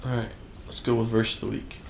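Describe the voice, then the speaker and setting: A man hosting a casual podcast, playful and quick to laugh as he moves through segments. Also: medium pitch, monotone, a little mellow, slight background noise. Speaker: podcast host. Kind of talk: casual chat.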